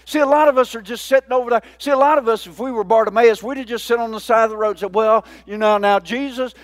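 A man's voice: very high-pitched, fairly even intonation. A man preaching a sermon, drawing out key words and calling for the congregation's response. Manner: call-and-response preaching, drawn-out emphasis. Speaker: pastor.

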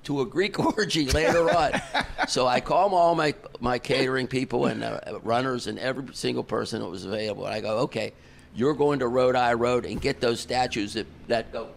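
A man, a concert promoter guest on a podcast, telling an animated story and acting out the dialogue. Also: mid-range voice, brisk, creaky. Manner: animated, chuckles through the story, acts out dialogue.

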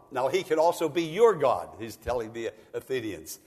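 A man's voice: mid-range voice, big pitch swings, normal speed, hardly any pauses, a little mellow, long reverb tail. A man preaching a sermon as pastor, building to emphatic bursts. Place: church.

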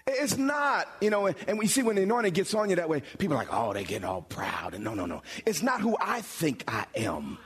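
A pastor preaching a sermon, building from explanation to bold, emphatic calls with dramatic pauses. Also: male voice, high voice, sing-song, a bit bright, slightly rough. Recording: long hall reverb.

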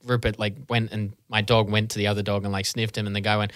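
A man's voice: on the low side, flat delivery, fast, a bit bright, no room sound, studio quality. A man, a guest on a podcast, telling a laid-back story and swearing now and then. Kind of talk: casual chat.

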